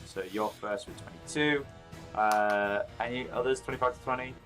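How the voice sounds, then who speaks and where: A man's voice: mid-range voice, moderate pace, a bit bright, soft background music. A man acting as game master of a tabletop game, talking hesitantly with many fillers as he keeps track of the turns. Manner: hesitant, full of fillers, bookkeeping aloud.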